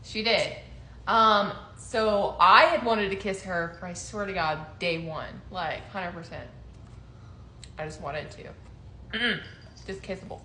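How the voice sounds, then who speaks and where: A woman's voice: mid-range voice, slow. A young woman in casual chat, telling a story with laughter and acted-out quotes. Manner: animated, laughing, acts out quotes. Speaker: co-host telling their story. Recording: roomy echo, faint noise.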